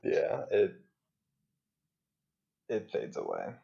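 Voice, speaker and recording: A gravelly, low-voiced man narrates a tabletop game as game master, and his pitch moves a lot. He sounds relaxed and laughs easily. The mic sounds dull and lo-fi. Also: extremely slow.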